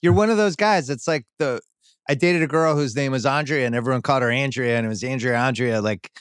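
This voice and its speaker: A man's voice: mid-range voice, fast talker, smooth, no echo, clean studio sound. A man hosting a podcast interview, talking in a chatty way with rambling asides. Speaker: podcast host. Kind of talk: casual interview conversation.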